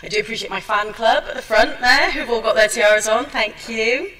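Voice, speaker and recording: A woman's voice: a little high, fairly quick, bright, forceful tone, recorded from a distance, poor audio. A woman giving a chatty, self-deprecating seminar talk, with many ums and restarts. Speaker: seminar speaker. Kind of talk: chatty presentation. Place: seminar room at a trade show.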